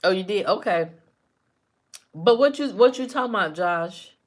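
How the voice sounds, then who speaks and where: A woman's voice: medium pitch, animated, normal speed. A woman hosting a casual live stream, talking back to her chat commenters by name with teasing, repetitive banter.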